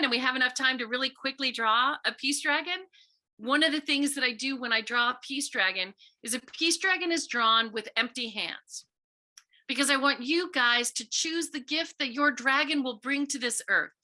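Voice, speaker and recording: Middle-aged woman, author visiting a school, high bright voice, earnest storytelling talk to kids. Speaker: visiting author speaking to students.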